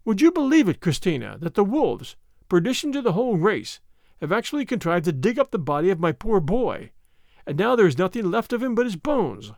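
A man's voice: sits high, wildly swooping pitch, normal speed, few pauses, a little mellow, no echo, studio quality. Male narrator playing a blunt, hot-tempered father for an audiobook, raised and emphatic. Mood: angry. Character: rough middle-aged woodsman father, blunt and hot-tempered. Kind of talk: audiobook character voice.

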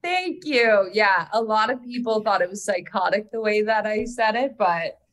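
A woman's voice: medium pitch, expressive, normal speed, fairly bright tone. A woman with a Canadian accent is a guest on a podcast, chatting in a cheerful way. She laughs easily and talks openly about her feelings. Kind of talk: casual chat interview.

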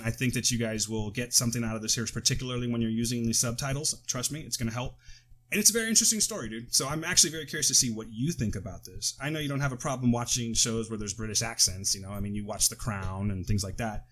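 A fast-talking American co-host with a medium-pitched, fairly bright voice rambles casually on a podcast, sitting near the mic. He drifts onto tangents and breaks into his own sentences.

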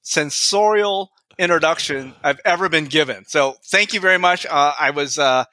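A man's voice: on the high side, moderate pace, pushed and bright, no room sound. A middle-aged man chatting as a guest in an interview, rambling with many fillers and chuckling. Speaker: guest author. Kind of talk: casual interview chat.

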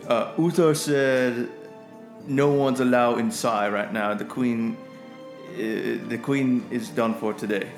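A man voicing a dim-witted hill giant guard who speaks slowly and clumsily. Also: mid-range voice, fairly even intonation, reverberant, soft background music. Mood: stubborn. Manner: slow, halting, clumsy speech.

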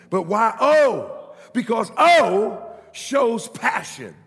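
A man preaching a sermon in a church, often shouting and building rhythmic repeated lines, with a gravelly voice. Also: sits high, sing-song, slow pace. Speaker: pastor. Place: church sanctuary. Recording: long reverb of a large hall.

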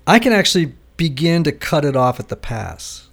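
Guy hosting a podcast, bit higher voice, chatty and animated. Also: normal speed, gravelly. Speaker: podcast host. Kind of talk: casual interview chat.

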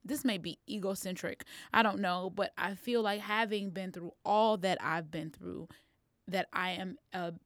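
A woman's voice: mid-range voice, fairly even intonation, measured pace, a bit bright, no echo, clean studio sound. A woman hosting a conversation, asking thoughtful questions and searching for her words as she goes. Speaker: host. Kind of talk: interview conversation.

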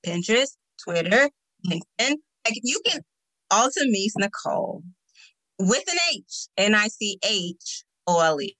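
A woman's voice: medium pitch, no echo, low-quality recording. A woman guest on a podcast, telling stories animatedly and repeating words for emphasis. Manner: animated storyteller, emphatic repetitions. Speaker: podcast guest, agency owner. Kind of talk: casual interview chat.

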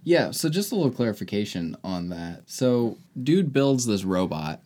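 Low-voiced man, dry podcast banter. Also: big pitch swings, moderate pace, warm tone. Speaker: podcast co-host. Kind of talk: casual movie review chat.

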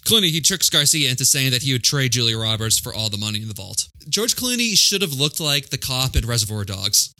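A man's voice: medium pitch, big pitch swings, a little fast, hardly any pauses, sharp tone, no echo. A man hosting a casual movie-chat podcast, blunt and profane, laughing often. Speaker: podcast host.

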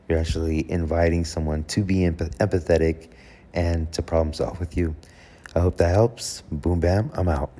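Low-voiced man giving casual advice. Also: dark tone. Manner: conversational, self-correcting, acts out example dialogue. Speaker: host.

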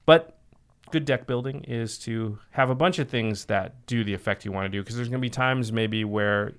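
A man's voice: medium pitch, normal speed, smooth. A man hosting a casual podcast chat, explaining card game decks at length and laughing easily. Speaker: podcast host.

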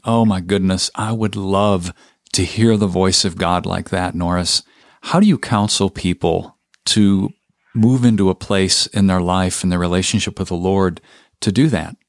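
Deep-voiced man hosting an interview. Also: no echo, clean studio sound. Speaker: podcast host.

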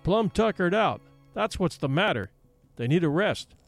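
A man's voice: high voice, very animated, normal speed, soft background music, exaggerated voice. A man voicing plainspoken backwoods onlooker men with a folksy, drawling, blunt manner. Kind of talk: audiobook character voice.

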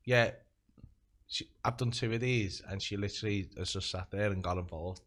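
A podcast host with a Liverpool accent, spinning loose, meandering anecdotes. He swears freely and slips into quick impressions of the people he describes. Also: on the low side, fairly bright tone. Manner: rambling storyteller, heavy swearing, acts out quoted voices. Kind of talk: casual podcast chat.

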